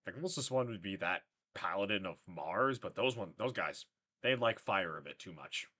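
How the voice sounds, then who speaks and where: A man's voice: deep voice, lively intonation, moderate pace, bright, forceful tone, heavily acted. A man voicing a cocky young male tiefling, a mocking younger brother, in a generic fantasy accent. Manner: mocking, sibling teasing.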